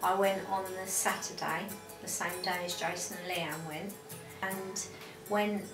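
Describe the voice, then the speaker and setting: A woman interviewed for a documentary, telling a family story in a lively way and acting out what others said. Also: fairly low pitch, measured pace. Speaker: interviewed relative. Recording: echoey room from a distance. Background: music.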